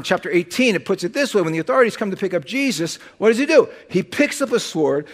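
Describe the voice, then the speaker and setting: A man preaching a sermon as pastor, conversational and animated, with sudden loud bursts and quiet drops. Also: sits high.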